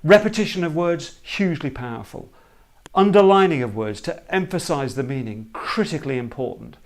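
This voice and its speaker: A man explaining a creative problem-solving method in an emphatic, animated teaching talk. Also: a little high, fairly quick. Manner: emphatic, animated, acts out hesitant problem owners.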